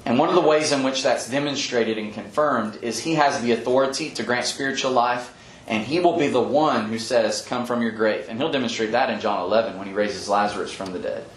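A man leading a Bible study, explaining scripture earnestly with frequent pauses and ums, often quoting verses. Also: medium pitch, slight background noise. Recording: echoey room with faint ambience.

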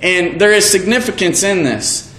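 A man preaching an evening sermon, earnest and halting, slowing down to stress key words. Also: sits high, expressive, bright, forceful tone. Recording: echoey room.

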